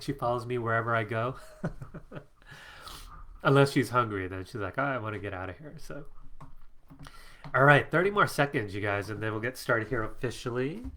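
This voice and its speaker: A man's voice: mid-range voice, a bit bright. A middle-aged man, congested from allergies, hosting a live stream from his home office and chatting casually as he reads out viewer comments, laughing often.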